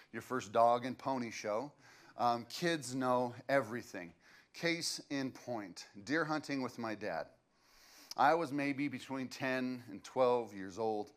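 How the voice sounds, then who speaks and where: A man's voice: mid-range voice, fairly bright tone. A man, preaching a sermon as a pastor and telling stories in a loose, conversational way with fillers.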